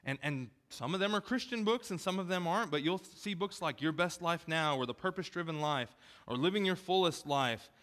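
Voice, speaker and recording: Bright-voiced man giving a chatty sermon. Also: a little high, expressive, brisk. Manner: chatty, self-deprecating asides. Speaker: preacher. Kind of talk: casual sermon. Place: church gym.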